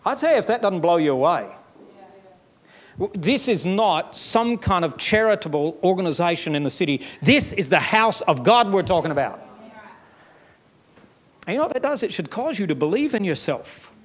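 A male pastor with a Southern US accent preaches in a fairly high voice. He talks in a folksy, emphatic way and pushes up into loud, rising stretches. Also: very animated, moderate pace. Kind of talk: sermon.

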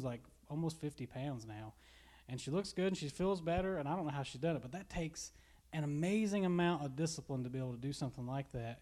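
In a church, a Kentucky pastor delivers a casual, conversational sermon, rambling a bit and repeating words as he goes. His voice is a little high with a darkish tone.

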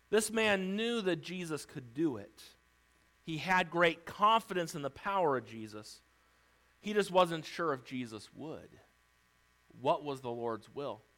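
Bright, high-voiced emphatic preacher man. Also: rough recording. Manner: emphatic, swings between loud preaching and hushed lines; acts out Bible characters' pleas. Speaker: pastor. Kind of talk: sermon.

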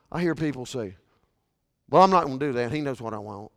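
A man pastor preaching a sermon, swinging from hushed, intimate lines to shouted, passionate ones. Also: medium pitch, animated, fairly quick. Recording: long reverb of a large hall.

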